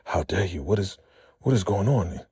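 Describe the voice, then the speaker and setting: A man's voice: low voice, lively intonation, normal speed, warm tone, breathy edge, dry recording, studio quality, voice pushed up, full character voice. A man voicing a domineering male cult leader, commanding and easily flustered, in a vlog recap.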